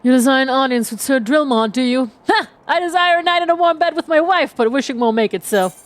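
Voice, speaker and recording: A woman reading aloud as a gruff male castle guard, sarcastic and dismissive. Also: high-pitched, lively intonation, brisk. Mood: wry. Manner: sarcastic, laughs at the traveler. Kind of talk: reading game dialogue aloud.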